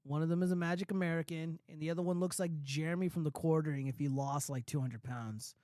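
A man in his thirties hosts a casual commentary show in a notably high voice. He rambles, swears and fills gaps with ums and uhs. The sound is dry and close, with no room echo. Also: steady tone, quick pace, a little mellow. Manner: rambling and profane, many fillers. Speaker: show host.

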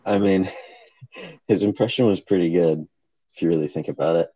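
A man's voice: low voice, normal speed, mellow, no echo, dull audio. A young man co-hosting a casual podcast, joking and swearing, laughing often, talking on a phone. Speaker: podcast co-host. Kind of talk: casual chat.

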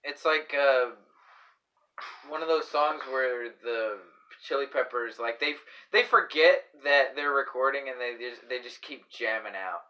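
A man's voice: mid-range voice, measured pace, bright, forceful tone. A man hosting a casual podcast chat, rambling with lots of fillers and restarts and acting out little voices. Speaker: podcast host.

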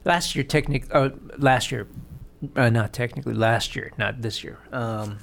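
Gravelly man swearing through casual chat. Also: medium pitch, normal speed, a bit bright. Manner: loose, profane, chatty. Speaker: podcast co-host.

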